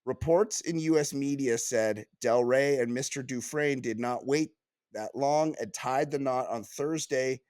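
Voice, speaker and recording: A man co-hosting a podcast, reading news aloud and riffing on it in casual comedic banter, full of restarts and quick asides. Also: mid-range voice, dry recording, clean studio sound. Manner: animated, riffing, reads news aloud then jokes; frequent restarts and filler yeahs. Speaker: podcast co-host.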